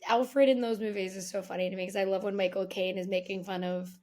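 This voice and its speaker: A woman's voice: medium pitch, fairly even intonation, fast, darkish tone. A young woman co-hosting a casual movie chat, talkative and easy to laugh. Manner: chatty, laughs easily. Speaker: co-host.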